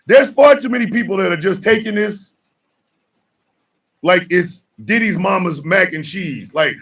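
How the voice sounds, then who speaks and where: A man hosting a morning show, ranting in a fired-up monologue with shouted mock call-outs, his voice a bit off-mic. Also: high-pitched, animated, measured pace, long pauses, recorded from a distance.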